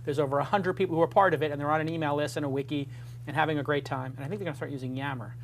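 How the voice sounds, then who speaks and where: A man's voice: on the high side, fairly even intonation, very fast, slight background noise. A man hosting a casual studio talk show, chatty and rambling, with jokey self-deprecating asides.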